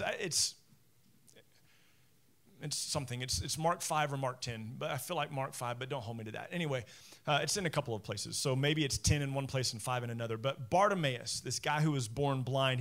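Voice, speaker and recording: A young adult male pastor preaching a sermon, telling a Bible story with jokes, asides and little acted-out voices. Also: mid-range voice. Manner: animated, jokey storytelling preacher.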